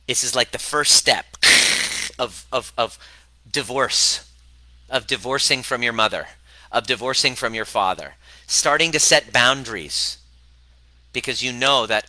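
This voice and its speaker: A sharp-toned man in his forties hosts and coaches a motivational self-help talk at normal speed, blunt, swearing freely, with emphatic swooping pitch. The recording is dry and rough.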